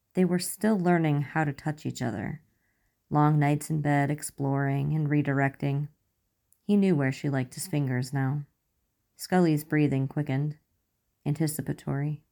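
A woman with a low, dark, mellow voice reads a romance story aloud. Her delivery is measured and soft, steady line by line. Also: creaky. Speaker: narrator. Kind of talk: reading romance fan fiction aloud.

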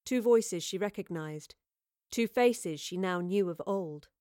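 A woman reading an audiobook as narrator, in a measured, even storytelling manner. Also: lowish voice, no echo, studio quality. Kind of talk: scripted narration.

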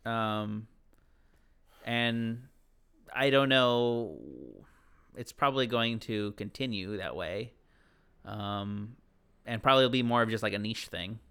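A man guesting on a podcast, chatting casually in a relaxed way and laughing often. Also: lowish voice, slow, pauses often, clear, resonant tone. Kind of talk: casual chat.

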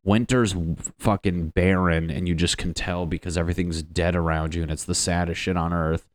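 A young vlogger from Connecticut rambles through a casual, profane monologue in a low, deep voice, joking and wandering from one thought to the next. His intonation stays fairly even at a moderate pace, and the recording is close and dry with no room sound.

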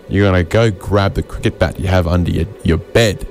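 A man doing an absurd stand-up set, rambling and deadpan, often interrupting himself. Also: low-pitched, a little fast, creaky, soft background music. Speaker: stand-up comedian.

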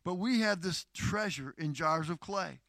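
Middle-aged pastor guy preaching, bright sharp voice, slow then loud and declaiming, dry close sound. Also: high-pitched, animated, dry recording. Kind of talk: sermon.

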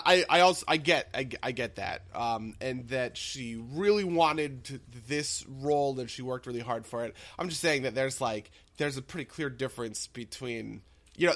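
A man's voice: mid-range voice, fairly bright tone. A man co-hosting a casual gaming podcast, hesitant and self-correcting as he talks. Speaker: podcast co-host.

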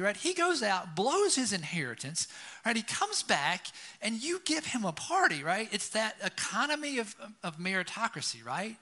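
With a high, sing-song voice that's bright and forceful, a pastor preaches conversationally at a moderate pace. He tells stories and repeatedly checks in by asking "right?"

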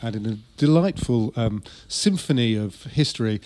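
A man's voice: mid-range voice, lively intonation, moderate pace, darkish tone, a little hiss or hum. A man from Yorkshire, hosting a casual conversation and telling wry anecdotes. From Yorkshire, England. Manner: wry storyteller.

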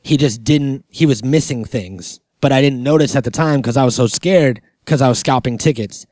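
A man's voice: mid-range voice, normal speed, a little mellow, no room sound, studio quality. A man co-hosting a podcast, telling rambling stories full of "like" and swearing. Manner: rambling storyteller, heavy swearing and filler "like". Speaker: podcast co-host. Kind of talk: casual chat.

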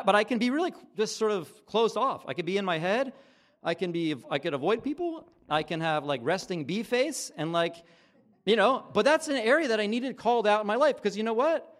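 Animated man preaching with lively pitch. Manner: conversational and animated, acting out dialogue. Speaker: pastor. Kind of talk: sermon.

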